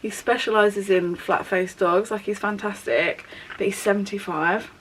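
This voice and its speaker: A woman's voice: medium pitch, fairly even intonation, normal speed, slight background noise, poor audio. A young woman, telling a long personal story in a rambling, candid way while doing her makeup for a get-ready-with-me vlog. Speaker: beauty vlogger.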